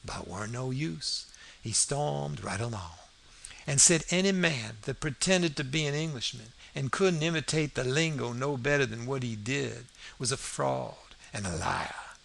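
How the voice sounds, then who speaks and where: A man narrating a classic novel as an audiobook in a folksy, steady storytelling manner. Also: mid-range voice, measured pace, creaky. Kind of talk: scripted narration.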